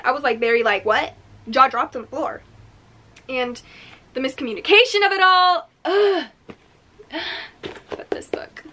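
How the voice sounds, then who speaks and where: Bright, gushing woman book reviewer. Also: a little high. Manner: gushing and effusive, with dramatic whispers. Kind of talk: casual chat.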